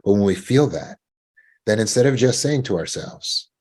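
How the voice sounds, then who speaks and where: A man's voice: fairly low pitch, expressive, fairly quick, a little mellow, breathy edge. A man coaching listeners about panic, in a teaching talk, who acts out anxious inner voices in a rising tone and repeats words as he restarts. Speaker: trauma recovery coach.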